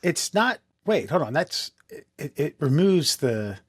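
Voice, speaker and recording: A man's voice: on the high side, very animated, a little slow, husky, no echo, studio quality. A man hosting a podcast, joking and teasing his co-hosts in casual chat. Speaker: podcast host.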